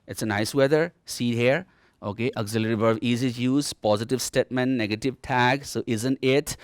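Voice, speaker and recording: Nepali-accented male English teacher, TV lesson delivery, animated pitch, says "okay" a lot, dry close mic. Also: dry recording. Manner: explanatory, repeats "okay" often, demonstrates rising and falling tones. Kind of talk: televised distance-learning lesson. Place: TV studio.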